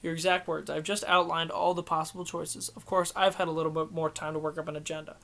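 A man's voice: a little high, little pitch movement, fast, creaky, bright, forceful tone. Man reading as a sardonic young woman. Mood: cutting. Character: sharp-tongued young woman, defiant and flip.

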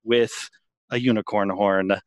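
A man's voice: on the low side, steady tone, takes it slowly, dry recording. A man playing a tabletop game, playfully and theatrically describing his character's actions. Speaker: player.

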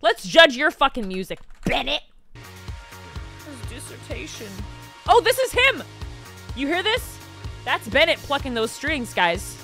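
A woman giving casual, chatty commentary while streaming a video game, sarcastic and swearing, with sudden loud squeals. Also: high voice, very animated, takes it slowly, pauses often, soft background music.

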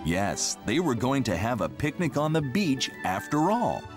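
Man reading a children's story, slow, wildly varied pitch, music behind. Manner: slow, very animated expressive reading. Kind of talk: read-aloud children's story.

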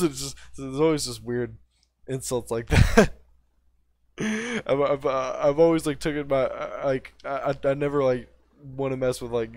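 A man's voice: fairly low pitch, vocal fry. A young man in his twenties chatting casually on a livestream, rambling and profane, with lots of restarts. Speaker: streamer.

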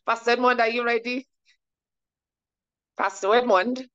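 A woman's voice: fairly high pitch, steady tone, a little slow, fairly bright tone, clean tone. A woman hosting an online church service, cheerfully calling on each speaker in turn. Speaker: service host. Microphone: video call. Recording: dull, lo-fi call audio.

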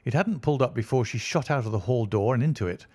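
A man narrating an audiobook in a measured storytelling delivery. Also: medium pitch, expressive, a little mellow, no echo.

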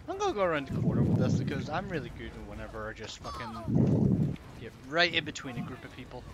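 Young dude on game voice chat, highish voice that jumps all over, laughing and goofing, noisy background. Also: male voice, normal speed, long pauses, highs cut off. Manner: animated, laughs a lot, jokey. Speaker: friend playing along on voice chat. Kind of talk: casual gaming chat. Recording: game noise clearly audible.

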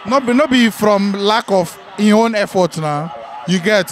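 A man's voice: high voice, unhurried. A man with a Nigerian accent in a casual football debate, cutting in and pushing back on the other speaker's points. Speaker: football fan in a reaction debate.

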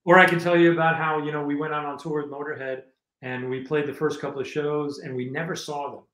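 A guest musician tells casual anecdotes in an interview, rambling and restarting often. His voice is fairly high, bright, flat, and fast, captured in a roomy space with poor audio quality.

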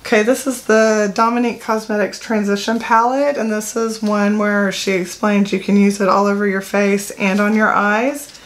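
A beauty vlogger in middle age chats loosely to camera about the makeup she owns, full of fillers and self-corrections. Her mid-range voice stays steady in tone at a normal speed.

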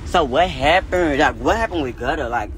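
A man in his twenties ranting on a phone livestream from a car at night, sassy and profane, with sudden high squeals. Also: expressive, moderate pace, slight background noise, poor audio. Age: 20s. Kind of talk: casual livestream rant. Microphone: phone held at arm's length.

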